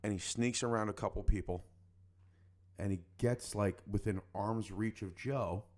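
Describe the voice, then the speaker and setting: A man's voice: lowish voice, steady tone, moderate pace, darkish tone. A man co-hosting a podcast, telling a story in casual chat and acting out other people's voices. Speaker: podcast co-host.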